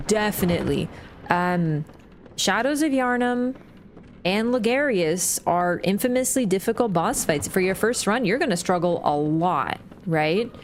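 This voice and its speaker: A woman streams a game and talks casually to her chat the whole time. Her pitch swings around with a lively, animated lilt. She is chatty and laughs easily, with swearing scattered through her talk. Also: slight background noise. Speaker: livestreamer. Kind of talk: casual gaming livestream commentary.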